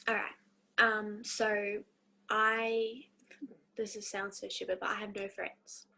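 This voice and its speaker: A woman talking as a guest in a casual chat, in a hesitant, halting way. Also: medium pitch, level tone, bright, forceful tone, low-quality recording.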